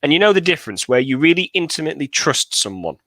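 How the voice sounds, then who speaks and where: A man's voice: on the high side, sing-song, fast, a bit bright, dry recording. A young man, an operations director, talking casually and thoughtfully with dry humor. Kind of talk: casual chat. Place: indoor, video call.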